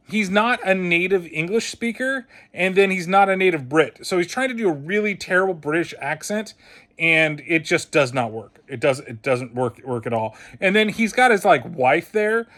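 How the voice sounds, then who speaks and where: A man's voice: fairly high pitch, a bit bright. A man giving a casual spoken film review, blunt and heavily profane, with a scornful, mocking edge.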